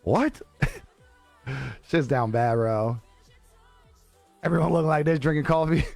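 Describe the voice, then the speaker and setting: A man's voice: fairly high pitch, normal speed, creaky, a little mellow, no room sound, faint music behind. A young man live streaming, chatting casually with viewers in a laid-back, profane way and laughing often. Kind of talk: casual chat reading viewer comments.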